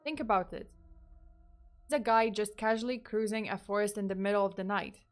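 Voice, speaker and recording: A woman's voice: medium pitch, fairly even intonation, brisk, close to an everyday voice. A woman voicing a cocky, sarcastic young man who teases his friend. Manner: teasing, sarcastic.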